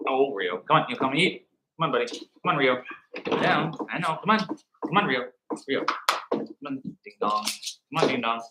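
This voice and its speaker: A man's voice: medium pitch, animated, moderate pace, pauses often, noisy background. Man coaxing dogs in an echoey room. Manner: coaxing, soft baby talk to dogs. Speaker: co-host, the breeder's partner. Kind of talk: talking to the dogs. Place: home, among the puppies and dogs.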